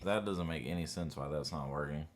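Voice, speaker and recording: A man's voice: a bass voice, a little fast, slight background noise. A man working through a coding course at his home computer, muttering and cursing in frustration at code that will not work, while keys click faintly behind him. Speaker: self-taught coding student. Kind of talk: unscripted screen-recorded vlog.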